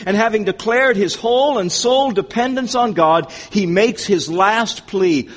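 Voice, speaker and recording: A man's voice: high-pitched, a little slow, hardly any pauses, big-room sound. A man preaching an expository sermon, earnest and emphatic, repeating key phrases as he explains a psalm.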